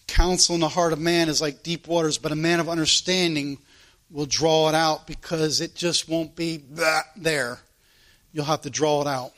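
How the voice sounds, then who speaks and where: Man, preacher, sermon, folksy, emphatic, high pitch, bright tone. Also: fairly even intonation, moderate pace. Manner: folksy, acts out Bible characters, emphatic.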